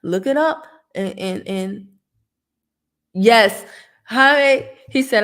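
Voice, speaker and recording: Southern American woman, credit tips host, high voice, animated and preachy. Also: drawn-out words, pauses often. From Southern United States. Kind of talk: casual talk, answering a viewer.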